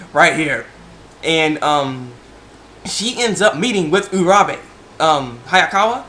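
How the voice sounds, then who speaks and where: Excitable young man rambling about an anime. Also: on the high side, slow, a little hiss or hum. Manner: excitable, laughing, lots of fillers and restarts. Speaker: anime reviewer. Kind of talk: casual video review.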